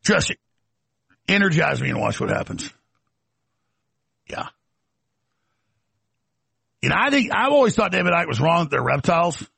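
A man's voice: on the high side, big pitch swings, creaky, sharp tone, breathy edge, no echo. A man hosting a talk show, delivering an emphatic, mocking ranting monologue. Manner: emphatic, rapid-fire, mocking.

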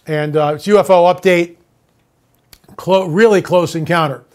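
A man hosting his own show, talking straight to viewers in an animated way, moving between sarcastic ranting and storytelling. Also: high voice, normal speed, smooth. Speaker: show host. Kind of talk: monologue to viewers.

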